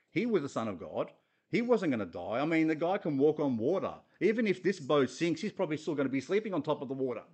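A man's voice: on the high side, darkish tone, slightly rough. A man preaching a conversational sermon, earnest and putting questions straight to his listeners. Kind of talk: conversational sermon on a Bible passage.

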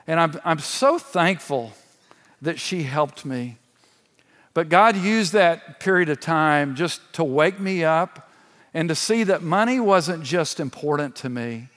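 A man's voice: fairly high pitch, fairly bright tone. Earnest man preaching in a reverberant hall. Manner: earnest personal testimony with light laughter. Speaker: church elder. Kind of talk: sermon.

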